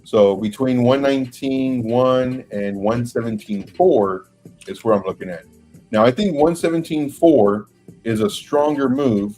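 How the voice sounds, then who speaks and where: A man with a mid-pitched voice talks through a chart at a steady, careful pace, pausing on small fillers. Faint music sits behind him. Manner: measured, hesitant with fillers. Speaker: crypto chart analyst co-host. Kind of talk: explaining a chart on a livestream.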